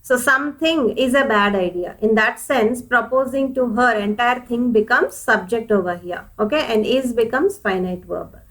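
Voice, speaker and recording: A woman's voice: on the high side, normal speed, few pauses, fairly bright tone, poor audio. Patient woman teaching English grammar. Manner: patient, repeats points, addresses viewers as dears. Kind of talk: explanatory grammar lesson.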